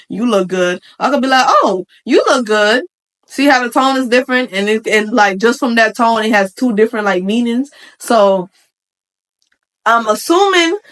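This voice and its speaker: Chatty, slangy young woman vlogger. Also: on the high side. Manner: chatty, slangy, frank opinions with quick asides. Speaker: vlogger reacting to a Reddit post. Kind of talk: casual commentary.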